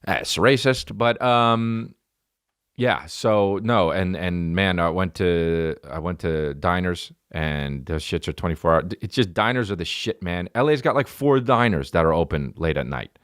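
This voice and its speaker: A man's voice: deep voice, animated, a little slow, a bit bright, smooth, no room sound, studio quality. A man in his thirties telling a rambling, profane comic story on a podcast, with many restarts. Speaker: comedian. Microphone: studio podcast mic.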